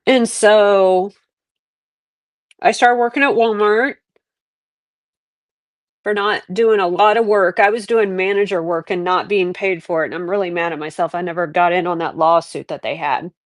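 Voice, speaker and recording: This middle-aged livestream host has a lowish, steady voice at normal speed, pausing often in a dry recording. Chatting casually, she rambles candidly through her life story, reflective and prone to many restarts.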